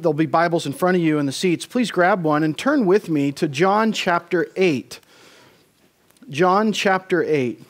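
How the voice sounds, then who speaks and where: Man, pastor, sermon, high voice, measured delivery, slows for emphasis. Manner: measured preaching, slowing for emphasis on key phrases. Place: church sanctuary.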